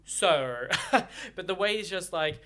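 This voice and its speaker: Young man, book reaction, effusive, rambling, bright tone. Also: high-pitched, lively intonation, takes it slowly. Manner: effusive, rambling, emotional, swearing. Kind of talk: reading aloud and reacting.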